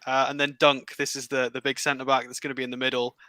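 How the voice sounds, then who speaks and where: A man co-hosting as the stats analyst, talking through numbers in a careful, halting way with many fillers. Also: medium pitch, level tone, pushed and bright, clear, resonant tone, no room sound, rough recording. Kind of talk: casual football analysis chat.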